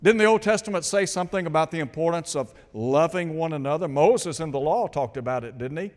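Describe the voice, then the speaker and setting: A man's voice: fairly high pitch, animated, in a large hall. A man preaching a sermon, asking his listeners rhetorical questions and quoting scripture. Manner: slow, deliberate, rhetorical questions.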